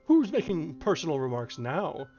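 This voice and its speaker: A man voicing a rude, excitable male Hatter in a storybook reading. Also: high voice, a little fast, muffled recording, soft background music, voice pushed up. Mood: snappish. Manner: snappish, triumphant.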